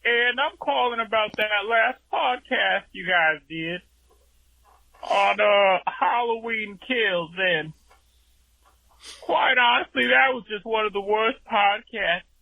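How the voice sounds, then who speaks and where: A man's voice: sits high, slow, gravelly, dry recording, full character voice. A man phoning in as a put-on country bumpkin with a fake rural Southern drawl, complaining in mock earnest on a voicemail. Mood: mock indignant. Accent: put-on rural Southern US accent. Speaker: caller. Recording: tinny phone line voicemail.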